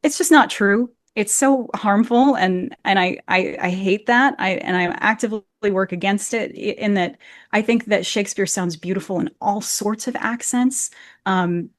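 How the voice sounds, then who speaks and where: A woman's voice: mid-range voice, normal speed, no echo, clean studio sound. An American woman, an actor and Shakespeare coach, talking earnestly and passionately in an interview over a video call, often repeating words as she starts a phrase. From United States. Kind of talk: conversational interview. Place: home room, video call.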